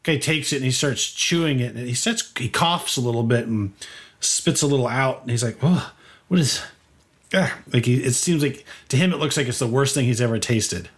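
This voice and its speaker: A man narrating as game master, describing scenes in a relaxed, hesitant way. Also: medium pitch, brisk. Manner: relaxed, hesitant, many fillers.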